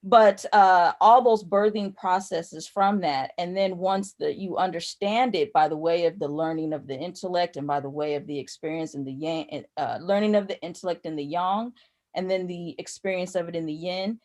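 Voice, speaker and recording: A woman's voice: lowish voice, normal speed, darkish tone. A woman talks through spiritual ideas at length. She rambles and repeats herself, circling back when she loses her thread. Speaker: spiritual teacher, guest. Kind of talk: conversational spiritual teaching.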